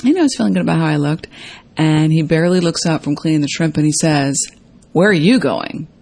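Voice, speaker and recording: A woman hosting a casual self-help talk to viewers, chatty and full of fillers, acting out quoted lines in a higher voice. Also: fast talker, vocal fry, mellow. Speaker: host.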